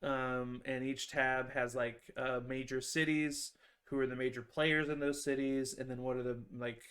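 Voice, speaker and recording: A man's voice: medium pitch, level tone, normal speed, fairly bright tone. Guy on a video call rambling thru his game master notes, lots of ums and likes. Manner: rambling, many fillers and restarts. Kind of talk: casual video-call interview.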